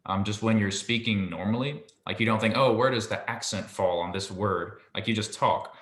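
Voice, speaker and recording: A man's voice: fairly low pitch, normal speed, fairly bright tone, reverberant. A man giving a casual one-on-one lesson, patient and a little hesitant, with frequent ums. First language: English. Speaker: Hebrew tutor.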